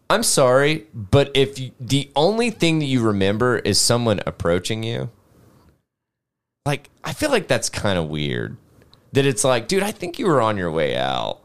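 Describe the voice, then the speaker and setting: Animated man hosting a casual podcast. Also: mid-range voice. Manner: animated, swears casually, jokes while reading. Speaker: podcast host reading news stories.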